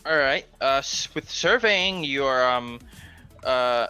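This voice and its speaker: A man's voice: mid-range voice, lively intonation, takes it slowly, sharp tone, clear, resonant tone, soft background music. A man running a tabletop game on a live stream, laid-back and joking. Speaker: game master.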